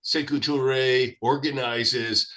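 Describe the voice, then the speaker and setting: A man speaking as a guest in an interview, explaining history at length in a lively, expansive way. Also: medium pitch, slow pace.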